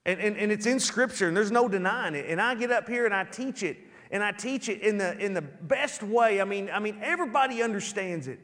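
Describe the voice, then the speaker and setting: A man preaches a sermon with a lot of animation, dropping into little acted scenes to drive home his points. His voice sits high for a man. Long reverb from the church hall trails after his words. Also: animated, a little fast, hardly any pauses, fairly bright tone. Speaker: pastor. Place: church sanctuary.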